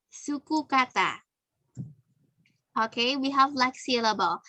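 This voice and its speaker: A woman's voice: a little high, a little slow, bright, forceful tone, no echo, rough recording. A young woman with an Indonesian accent teaching English pronunciation, mixing English and Indonesian as she quizzes her students. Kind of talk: pronunciation lesson.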